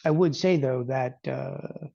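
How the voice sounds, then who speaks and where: A middle-aged man, a trading educator, gives a live market lesson in a slow, gravelly, warm voice of medium pitch, with the highs cut off. He talks casually, cracking jokey asides and tossing in "okay" and mock quotes.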